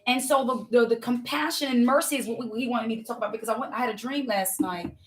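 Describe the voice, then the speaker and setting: High-voiced woman preaching a fervent testimony. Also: fast talker. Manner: fervent, repetitive, addresses listeners as y'all. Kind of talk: impassioned testimony sermon.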